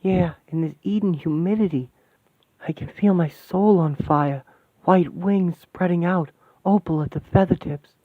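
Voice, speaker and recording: A man's voice: high voice, measured pace, no room sound. A man voicing a young woman mystic in a fan radio play, talking in breathless wonder and explaining mystic symbols. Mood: rapturous. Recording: tinny dry lo-fi sound.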